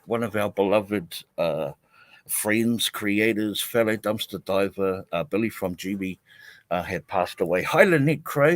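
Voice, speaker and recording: A man's voice: fairly low pitch, no echo, poor audio. Laid-back man hosting outdoors. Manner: relaxed, many fillers, greets viewers by name. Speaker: live stream host. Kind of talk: casual live stream chat. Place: outdoors behind his house.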